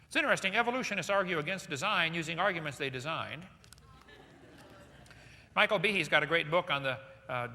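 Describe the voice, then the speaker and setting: A man's voice: high-pitched, creaky, sharp tone. A man giving a live seminar lecture to an audience, firing off rhetorical questions with joking asides. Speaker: seminar speaker. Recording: echoey hall with long reverb.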